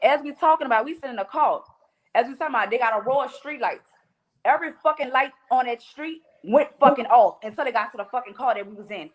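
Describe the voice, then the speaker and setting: A woman's voice: high voice, fast. A woman with a New Orleans accent, a podcast guest telling stories in casual chat, blunt and full of cursing. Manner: blunt, profane storytelling.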